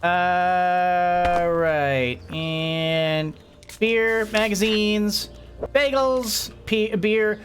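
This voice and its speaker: Chatty excitable woman gaming. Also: lowish voice, extremely slow, soft background music. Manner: chatty, excitable, frequent gasps and laughs. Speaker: gameplay streamer. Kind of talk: casual game commentary.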